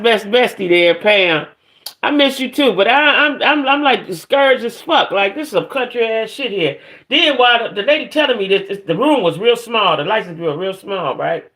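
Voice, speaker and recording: A woman's voice: medium pitch, animated, normal speed, fairly bright tone. A middle-aged woman hosting a casual livestream. She vents about her day in a profane, aggravated way and greets chat viewers by name as she goes. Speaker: livestream host.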